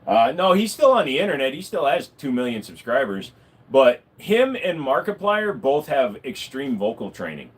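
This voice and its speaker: Man, livestreamer, casual chat, lively up-and-down pitch, swears a lot. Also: moderate pace, breathy edge. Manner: animated, swearing, rambling with fillers. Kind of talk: casual live-stream chat.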